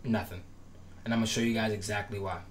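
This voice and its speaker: This gaming tutorial creator has a fairly low voice with fairly even intonation and speaks fast as he covers defensive setups casually. He's instructive and repetitive, makes emphatic promises, and his voice sometimes cracks over slight background noise.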